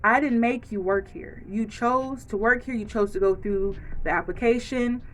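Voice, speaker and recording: A woman's voice: a little high, normal speed. A woman ranting frankly to camera in a casual vlog, acting out quoted lines as she goes. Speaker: vlogger.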